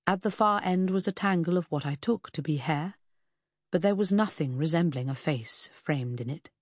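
A woman narrating a novel in the first person, in a measured reading that slows on grim details. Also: sits low, no room sound, clean studio sound. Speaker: audiobook narrator.

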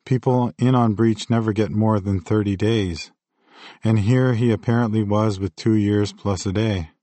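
A man narrates his own memoir in a measured, vivid audiobook delivery. His voice sits on the low side. The recording is dry and close, with no room sound. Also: steady tone, dark tone, no echo.

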